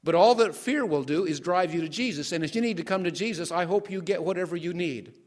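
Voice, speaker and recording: Older male pastor, higher-pitched voice, sermon delivery, quizzes his listeners as he goes. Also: fast talker. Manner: asks the congregation questions and waits for answers.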